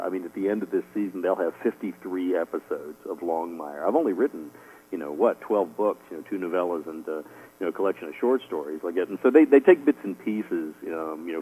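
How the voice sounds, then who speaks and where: A man's voice: sits low, warm tone, breathy edge, poor audio. A middle-aged man being interviewed as an author, rambling with lots of fillers and chuckling often. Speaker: author guest. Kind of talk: casual radio interview answers.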